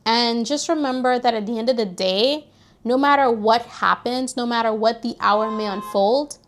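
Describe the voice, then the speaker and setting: A young woman in her twenties vlogging casual life advice, animated and preachy, talking straight to her viewers. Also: a little high, normal speed. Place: New York, recording outdoors near street traffic.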